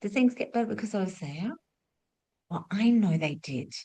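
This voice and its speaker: A middle-aged woman, a spiritual teacher and former nurse, telling stories as a lesson and asking rhetorical questions, moving between lively and hushed delivery. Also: mid-range voice, moderate pace, husky. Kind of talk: storytelling teaching talk.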